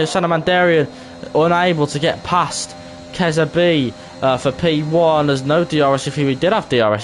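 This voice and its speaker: A man giving chatty, excitable live commentary on an esports racing stream. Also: fairly high pitch, slight background noise. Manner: chatty, excitable, talks to chat.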